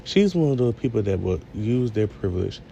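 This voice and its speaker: Gravelly-voiced man chatting casually. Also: on the low side, brisk, rough recording. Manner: talks straight to viewers, rambling and conversational. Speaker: TV reviewer. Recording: steady background noise.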